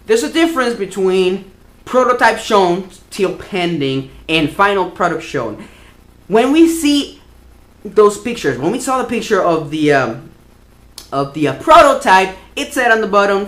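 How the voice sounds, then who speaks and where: A man's voice: high-pitched, sing-song, a little slow, fairly bright tone. A man hosting a toy vlog, ranting in a casual, profane and exasperated way. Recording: roomy echo.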